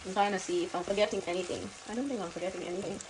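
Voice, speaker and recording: A woman's voice: mid-range voice, steady tone, rapid-fire, noisy background. Chatty woman cooking in a sizzling kitchen. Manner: chatty, repeats words, calls viewers babe. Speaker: cooking vlogger. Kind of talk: casual cooking chat to camera. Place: home kitchen. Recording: loud frying and sizzling behind.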